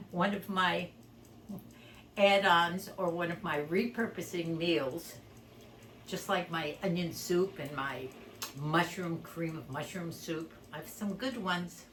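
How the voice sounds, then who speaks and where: Chatty older woman, low voice. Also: takes it slowly, fairly bright tone, a little hiss or hum. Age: 80s. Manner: chatty, homey, talks through each step. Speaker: home cook vlogger. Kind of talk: casual cooking demonstration. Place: home kitchen.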